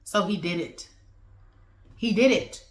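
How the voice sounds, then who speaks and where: A woman's voice: medium pitch, slow pace, roomy sound. A woman giving a casual, slangy review of a TV episode and acting out the characters' lines as she goes.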